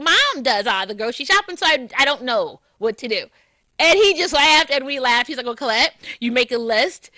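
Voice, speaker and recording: A middle-aged woman from hosts a call-in radio show with a light, high voice and a bright, forward tone. She talks in a heartfelt, conversational way, sharing personal stories into a close studio microphone. The sound is dry, with no room echo. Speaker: radio talk show host.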